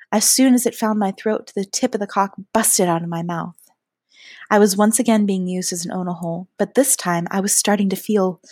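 A woman reading a first-person story aloud in a soft, hushed manner that at times drops to a breathy whisper. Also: medium pitch, dry recording, clean studio sound. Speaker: narrator.

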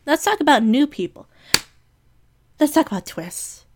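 A woman's voice: high voice, animated, unhurried, background noise. A woman in a rambling casual monologue, gushing with affection and giggling, sniffling now and then. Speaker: community member giving shout-outs.

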